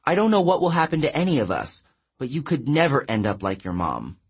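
Earnest teenage girl, voiced by a male narrator, soft and raised, a touch husky, audiobook read. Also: mid-range voice, very animated, fairly quick, voice pushed up. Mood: tender.

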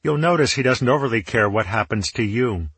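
A man voicing a fierce, grieving young woman warrior who taunts her enemy, in a husky voice. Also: mid-range voice, expressive, fairly quick, a bit bright, no room sound. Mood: taunting. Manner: taunting, defiant.

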